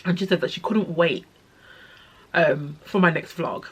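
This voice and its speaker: Tearful, husky-voiced woman vlogging. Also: fairly low pitch. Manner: tearful, halting, many restarts and fillers. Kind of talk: personal vlog, emotional storytelling.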